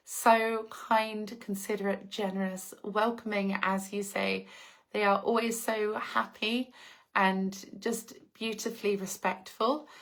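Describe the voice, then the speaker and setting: A woman's voice: medium pitch, gravelly. A woman from England with an English accent, hosting a casual live stream, reading out viewer comments and answering in a gushing way with frequent laughs. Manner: effusive, gushing, laughs often.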